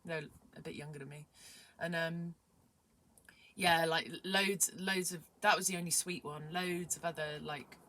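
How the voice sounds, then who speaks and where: Rambling excitable woman, low voice. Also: unhurried. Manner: excitable, rambling, many fillers, drops to whispers. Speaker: vlogger. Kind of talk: casual vlog chat.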